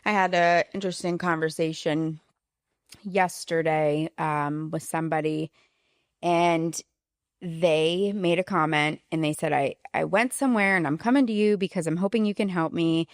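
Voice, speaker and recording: A woman's voice: on the low side, fairly even intonation, a little slow, dry recording, clean studio sound. A woman hosting a podcast, telling a client story earnestly with hesitant fillers. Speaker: podcast host. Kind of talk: casual podcast chat.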